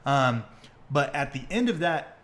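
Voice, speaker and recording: A young man hosting a podcast, retelling stories in casual, excitable chat full of fillers and swearing. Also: mid-range voice, measured pace. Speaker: podcast host.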